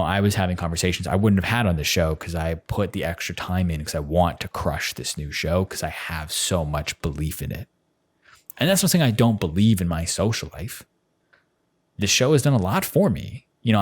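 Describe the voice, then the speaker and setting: A man's voice: sits low, breathy edge. A man in his twenties talking casually on his own podcast, rambling with lots of fillers. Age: 20s. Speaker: podcast host. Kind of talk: solo podcast monologue.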